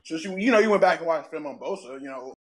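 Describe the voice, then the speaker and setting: Excitable male co-host, husky, high and very lively voice. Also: fast talker. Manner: excitable, trash-talking while gaming. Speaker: podcast co-host. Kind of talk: casual chat.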